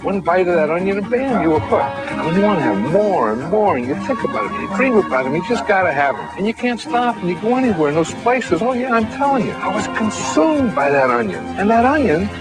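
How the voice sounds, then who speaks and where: A man voicing an excitable, onion-obsessed character in a commercial, over the top and breathless. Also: sits high, quick pace, hardly any pauses, rough recording. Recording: commercial with loud music underneath.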